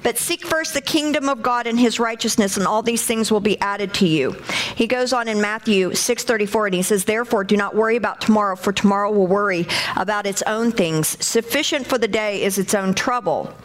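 A middle-aged woman preaching a lively sermon to a congregation, calling out and bursting into shouts. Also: mid-range voice, a little fast. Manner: animated, shouts in acted bursts, talks to congregation.

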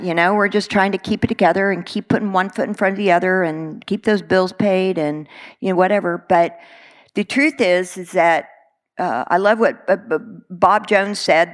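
A middle-aged woman from Texas, preaching a sermon in an earnest, conversational way with many fillers. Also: lowish voice.

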